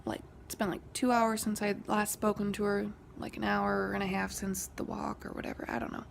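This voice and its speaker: A woman's voice: mid-range voice, level tone, a little fast, a little hiss or hum. A young woman vlogger telling a story in a casual way, often half-whispering. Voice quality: gravelly fry. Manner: whispery, hushed retelling that rises when quoting an argument.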